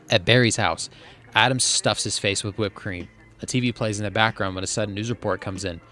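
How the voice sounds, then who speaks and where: A man's voice: lowish voice, fairly even intonation, a little fast, sharp tone. A man reading a film script aloud for comedy, playing each part in nearly the same voice and breaking into mock panic now and then. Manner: reads every part in a barely changed voice with bursts of mock panic. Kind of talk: comic script read-through.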